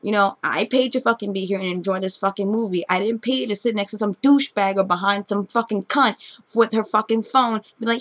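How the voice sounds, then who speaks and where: A woman's voice: fairly quick, a bit bright, no room sound. A young woman with a New York accent, ranting into her camera from her bedroom late at night, swearing constantly and swinging from rambling and sleepy to fired up. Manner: sleepy, rambling and low-key. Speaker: vlogger.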